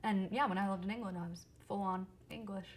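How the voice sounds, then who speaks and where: A woman singer-songwriter chatting as an interview guest, lively and quick to laugh, recorded in a theater. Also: mid-range voice. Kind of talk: casual interview chat. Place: theater stage.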